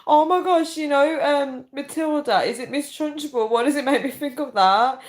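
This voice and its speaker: A woman's voice: high voice, moderate pace. Casting: young woman, chatty livestream host, breaks into shrieking laughs. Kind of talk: casual livestream chat reading comments.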